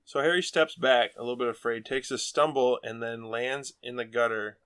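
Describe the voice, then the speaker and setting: A man's voice: mid-range voice, fairly even intonation, moderate pace, fairly bright tone, clean tone. A man hosting a casual book podcast, rambling and laughing a lot as he talks. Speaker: podcast host.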